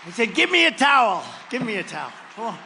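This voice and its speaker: An older man telling a rambling, boastful story as a rally speech, swinging from quiet asides to loud punchlines. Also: very high-pitched, very animated, a little fast, creaky, some chatter behind, slight background noise. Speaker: political speaker at a rally. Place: large rally venue.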